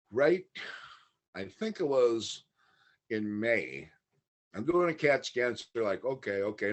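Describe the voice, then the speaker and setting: A man talking as a podcast guest, telling a long personal story in a candid, matter-of-fact way. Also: medium pitch. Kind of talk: casual interview storytelling.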